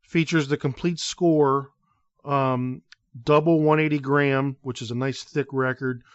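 A man co-hosting a casual podcast, speaking in an easygoing way and trailing off softly at the ends of phrases. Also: mid-range voice, fairly even intonation, a little slow, dry recording, muffled recording. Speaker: podcast co-host.

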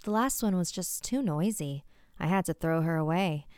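A woman voicing a cheerful, calmly sinister mother who speaks in a soothing, matter-of-fact way. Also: fairly low pitch, moderate pace, clear, resonant tone, dry recording, studio quality, lightly acted.

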